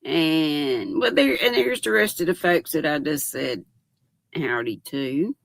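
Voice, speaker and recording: A woman's voice: low-pitched, expressive, slow, creaky, no room sound. An older woman hosting a casual livestream from home, chatting with viewers and greeting each one by name. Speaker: livestream host.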